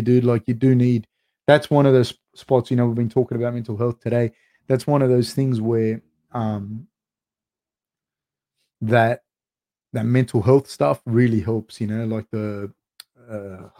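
A man's voice: medium pitch, warm tone. A middle-aged man hosting a live fight recap show, reading viewer comments aloud and answering them in a loose, profane, rambling way with lots of fillers.

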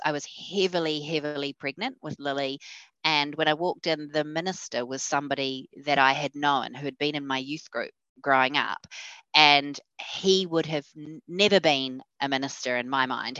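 A woman with a New Zealand accent, a podcast guest telling her personal faith story in a lively way, acting out the voices of the people she quotes. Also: deep voice, dry recording, dull audio.

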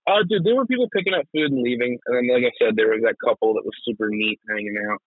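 A man's voice: mid-range voice, quick pace, no room sound. A young man co-hosting a podcast in loose, profane casual chat, laughing often. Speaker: podcast co-host. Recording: tinny phone-like, dry.

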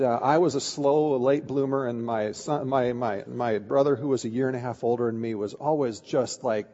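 A man's voice: mid-range voice, warm tone. A middle-aged man preaching a sermon as pastor, telling a personal story in a candid way with frequent restarts. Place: church sanctuary. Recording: dull sound with long hall reverb.

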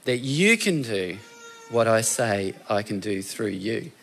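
Soft-spoken divine male voice, gentle and calm, put on by a preacher. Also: fairly low pitch, takes it slowly, pitched below the performer's own voice, exaggerated voice. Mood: gently probing.

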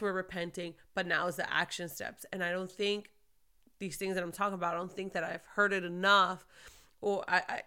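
A woman pastor giving a casual faith talk to her viewers, emphatic and swinging from quiet to shouting. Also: lowish voice, clear, resonant tone. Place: lives in Florida.

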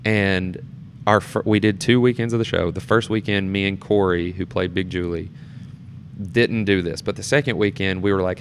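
A young man with a lowish voice, telling a backstage story in a loose, conversational way. His voice leaps up whenever he acts out his own reactions. A faint hum of room ambience sits behind him. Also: moderate pace. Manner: animated storyteller, voice jumps up in quoted reactions. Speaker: theatre performer and board member. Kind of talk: casual interview chat.

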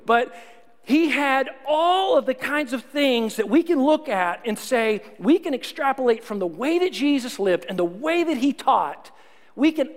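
A man preaching a sermon as pastor, earnest, slowing and dropping to a near whisper when he reads scripture. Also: very high-pitched, in a large hall.

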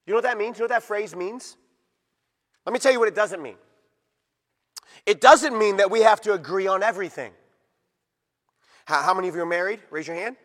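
Man, pastor, sermon, high pitch, emphatic, repetitive, long hall reverb. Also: fairly quick, pauses often, fairly bright tone. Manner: emphatic, repetitive, rhetorical questions to the congregation.

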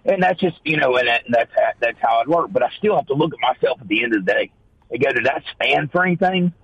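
A man co-hosts talk radio with an animated, mocking ramble. His voice is husky and bright. The sound is dry and a little dull. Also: medium pitch, fast, no echo. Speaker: radio show co-host.

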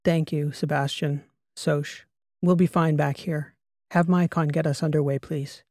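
A man voicing a calm, guarded female starship captain who speaks softly and in a measured way. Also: on the high side, dry recording, clean studio sound. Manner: soft, measured, quiet delivery.

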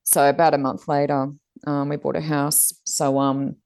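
An Australian woman co-hosting a casual chat, telling stories animatedly and mimicking others with big pitch jumps. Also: flat delivery, normal speed, creaky, darkish tone, clear, resonant tone. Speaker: co-host.

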